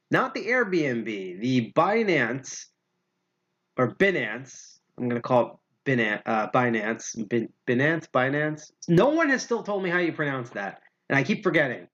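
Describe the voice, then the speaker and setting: A man's voice: medium pitch, a bit bright, muffled recording. A man hosting a casual livestream show, rambling, swearing freely and correcting himself mid-sentence. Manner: rambling, profane, self-correcting. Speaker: podcast host.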